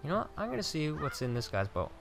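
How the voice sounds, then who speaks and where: A man's voice: fairly high pitch, big pitch swings, fast, gravelly, music in the background. A man giving casual, chatty gameplay commentary, joking at his own expense and grumbling at enemies. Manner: chatty, self-mocking, mild cursing at enemies. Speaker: let's play gamer.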